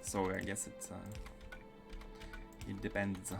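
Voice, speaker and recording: Lowish man with a French-Russian accent. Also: monotone, takes it slowly, gravelly, music in the background. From France. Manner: thinks aloud while planning builds and answering chat. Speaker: game streamer. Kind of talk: live gameplay commentary.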